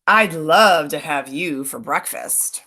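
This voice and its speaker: A woman voicing a rascally, hungry raccoon in a storybook, coaxing in a slow, high voice. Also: pushed and bright, slight background noise, full character voice.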